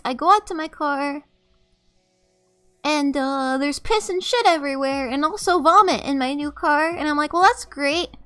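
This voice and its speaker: A woman's voice: high-pitched, fairly bright tone. A young woman streamer telling a rambling, profane story in an exasperated, casual way, often laughing. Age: young adult.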